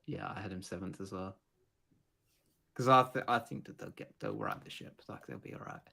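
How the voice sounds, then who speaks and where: A man's voice: deep voice, wildly swooping pitch, brisk, creaky, pushed and bright. A man co-hosting a casual live football chat, laid-back and joking, often trailing off mid-sentence. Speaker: podcast co-host.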